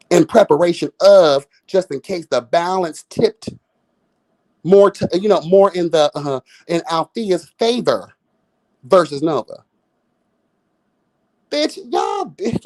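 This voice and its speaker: Animated, sassy man ranting on a live review. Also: high voice. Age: 30s. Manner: profane, sassy, exasperated ranting; addresses listeners as girl and y'all. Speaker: reality show commentator. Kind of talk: live show review rant.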